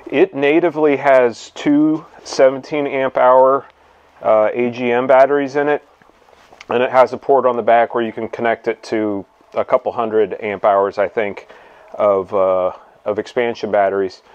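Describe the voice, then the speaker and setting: A man hosting a casual hands-on demonstration in his home garage, relaxed and thinking aloud as he works. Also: mid-range voice, normal speed, smooth, dull audio. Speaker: video host.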